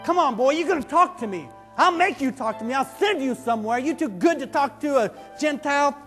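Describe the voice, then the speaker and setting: A man acting out a tough, streetwise ex-criminal who tells his story in coarse, colloquial speech, lurching from booming outbursts to near whispers. The voice sits high for a man. It rings through a church sanctuary with a long echo and faint music underneath. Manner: coarse colloquial talk, swinging from loud outbursts to hushed tones. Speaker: pastor. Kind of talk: first-person dramatic monologue in a sermon.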